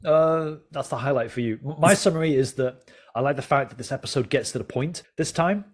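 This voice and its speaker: A man with a throat infection hosting a casual show review, chatty and joking with quick asides. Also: mid-range voice, husky. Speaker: podcast host.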